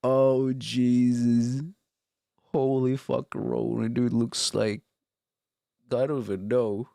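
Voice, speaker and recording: A man's voice: mid-range voice, little pitch movement, slow, vocal fry, warm tone, dry recording, clean studio sound. A man streaming as he reacts to videos, casual, swearing freely and laughing often.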